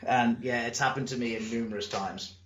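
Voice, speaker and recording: A man, a wrestler telling stories in a casual interview, animated and acting out voices, swearing now and then. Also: medium pitch, a little fast, noisy background. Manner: animated storyteller, acts out crowd and promoter. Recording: echoey room, muffled lo-fi sound.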